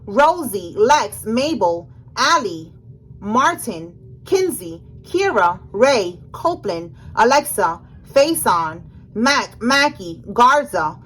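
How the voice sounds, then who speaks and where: A woman's voice: fairly high pitch, very animated, takes it slowly, a bit bright, husky, rough recording. A woman giving a general tarot reading in a casual, emphatic way, talking straight to the viewer with slangy speech. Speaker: tarot reader.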